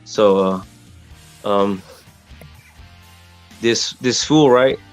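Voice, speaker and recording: A man's voice: on the low side, very slow, faint music behind. A man from Texas telling a story in casual, slangy podcast chat, rambling with frequent restarts.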